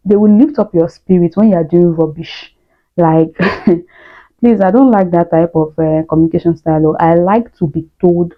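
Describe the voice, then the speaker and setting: A young woman from Nigeria with a Nigerian accent, talking candidly and chattily to camera with lots of fillers. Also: lowish voice. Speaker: vlogger. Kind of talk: casual talk to camera. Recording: dull lo-fi sound.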